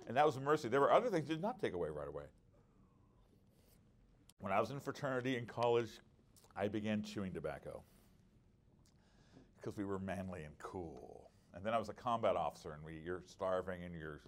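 A man's voice: low-pitched, very animated, fairly quick, pauses often. A middle-aged man teaching at a conference workshop, earnest and conversational, with frequent restarts and personal stories. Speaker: preacher.

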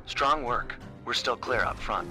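An actor voicing a calm, confident raccoon master thief with an easygoing way of talking. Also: male voice, mid-range voice, unhurried, over music, lightly acted. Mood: cool. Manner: cool, easygoing commentary.

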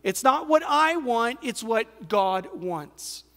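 An American pastor with a very high, sing-song, slightly bright voice preaches slowly in a reverberant hall. His sermon is conversational and emphatic, and he asks the crowd questions.

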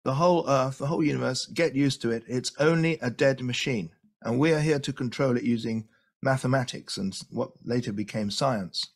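A scornful, dismissive old-school rationalist with a French accent, as a lecturer puts him on. His voice sits at an ordinary middle pitch with a gravelly, fried edge. He waves away any idea he finds childish. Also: moderate pace, lightly acted.

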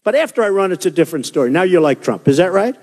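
A man's voice: high voice, very animated, rapid-fire, darkish tone. Boastful rambling man at a rally. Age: 60s. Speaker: political candidate. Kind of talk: campaign rally speech. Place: hot indoor hall with a crowd. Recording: reverberant hall with crowd noise.

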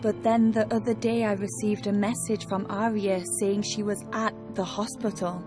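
A woman voicing a calm young woman hunting for her friend. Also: medium pitch, normal speed, music in the background, lightly acted. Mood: uneasy. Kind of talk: game character narration.

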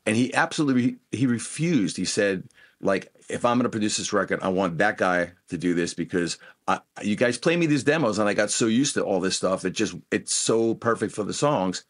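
Low-voiced man telling road stories. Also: brisk. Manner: animated anecdotes, acts out quoted voices. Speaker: guest guitarist. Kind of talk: casual interview storytelling.

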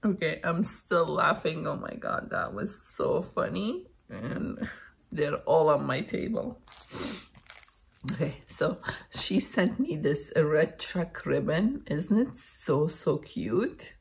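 A woman's voice: sits low, animated, slow pace, gravelly. A middle-aged woman from Canada opens a parcel at home, gushing and laughing a lot as she unpacks. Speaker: vlogger opening mail. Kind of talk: casual unboxing chat. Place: at home by a table.

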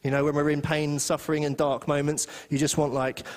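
A man preaching a sermon as pastor, chatty and animated, slipping into little voices for the people he quotes. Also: on the high side, a little fast, in a large hall. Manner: animated, conversational, acts out quotes. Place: church hall.

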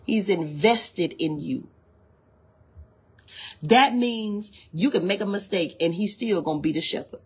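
A woman's voice: medium pitch, a little slow, pauses often, breathy edge. A woman leading an informal devotional livestream. She preaches fervently, repeats phrases for emphasis and urges listeners to say lines back to her. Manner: reads from a text between spontaneous exhortations. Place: indoors near a hallway.

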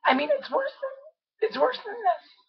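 A young vlogger with laryngitis chats casually in her video diary, her hoarse, squeaky, scratchy voice pushed to a half-yell and a little breathless. She talks at a normal pace with a sing-song lilt, and the audio sounds dull.

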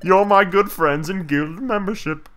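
A man voicing a cheerful, childish guildmaster creature in a bubbly, sing-song, loud way while reading game text. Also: sits high, a little slow, pitched above the performer's own voice.

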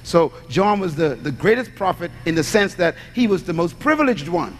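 A man's voice: high voice, sing-song, moderate pace. A man preaching a sermon, teaching by asking the congregation questions and supplying the answers. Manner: teaching with call-and-response questions. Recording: long hall reverb.

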